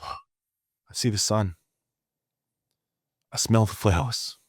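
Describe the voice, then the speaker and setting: A man's voice: fairly low pitch, fairly quick, darkish tone, breathy edge, no echo, studio quality. A man voicing a frightened young male village lookout who talks in a panicky rush. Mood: calming.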